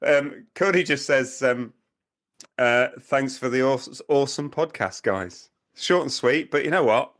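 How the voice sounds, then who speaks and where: A man's voice: medium pitch, a little slow, a bit bright. A middle-aged man co-hosting a podcast, reading listener reviews and teasing his co-host with frequent laughter. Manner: giggly, teasing, laughs often.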